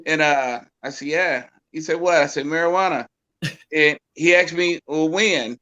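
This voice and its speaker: A man's voice: a little high, normal speed, bright, forceful tone, highs cut off. A man from Chicago telling a story as a guest in a casual chat, easygoing and laughing.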